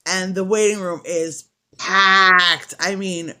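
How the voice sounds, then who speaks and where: A woman's voice: fairly low pitch, fairly even intonation, slow pace, pushed and bright. A middle-aged woman vlogging while she crochets, telling a long story in a rambling, chatty way and laughing often. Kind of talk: casual storytelling chat.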